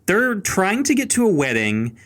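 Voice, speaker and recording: A man's voice: sits high, wildly swooping pitch, normal speed, a bit bright. A man hosting a casual podcast, bluntly ranting about a film with profanity and mocking impressions. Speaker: podcast host.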